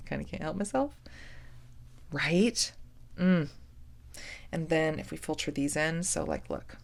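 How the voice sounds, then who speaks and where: A woman hosting a jewelry-making unboxing vlog, gushing with excitement and often dropping to a soft whisper. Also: deep voice, a little slow, gravelly. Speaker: jewelry-making channel host.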